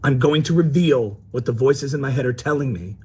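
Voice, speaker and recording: A man's voice: mid-range voice, brisk, warm tone, breathy edge. A man playing a paranoid woman commentator in a parody sketch, talking mock-serious and theatrical with swooping emphasis.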